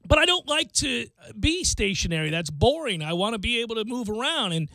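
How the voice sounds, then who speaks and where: High-voiced, animated male radio host. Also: brisk, dry recording. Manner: animated, emphatic, rocks away from the mic. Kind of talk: casual sports talk radio banter. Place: radio studio. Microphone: studio microphone.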